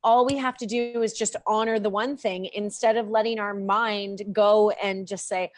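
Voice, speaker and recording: A woman's voice: mid-range voice, steady tone, normal speed, no echo. Chatty woman on a dry video call. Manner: chatty, upbeat, says "like" often. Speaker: podcast guest, NLP practitioner. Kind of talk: casual conversation.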